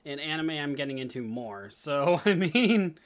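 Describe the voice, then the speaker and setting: A man's voice: a little high, animated, a little slow. A young man co-hosting a casual podcast chat, easygoing and jokey, laughing often. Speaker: podcast co-host.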